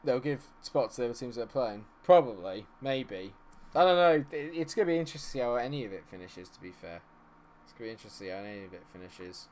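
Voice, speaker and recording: A man giving live commentary on a football management game, chatting with viewers and reacting loudly to the match. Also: fairly low pitch, a little hiss or hum. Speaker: streamer.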